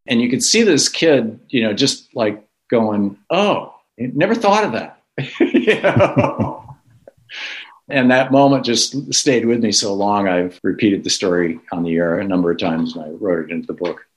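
An older man, a guest and author, telling stories in an animated conversational way and acting out the people he quotes. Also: fairly low pitch, moderate pace, hardly any pauses, rough recording. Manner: animated, acts out quoted voices. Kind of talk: conversational storytelling.

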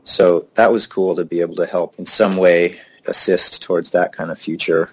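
A young man, a musician guest in an interview, telling stories in a relaxed, easygoing way and laughing easily. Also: low-pitched, normal speed, husky. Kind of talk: casual interview conversation.

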